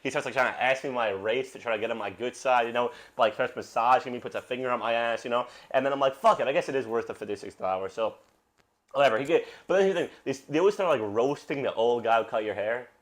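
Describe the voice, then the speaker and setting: A man's voice: medium pitch, fast talker. A young man from Brooklyn, hosting a podcast and telling rambling, profane stories in casual chat. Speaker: podcast host.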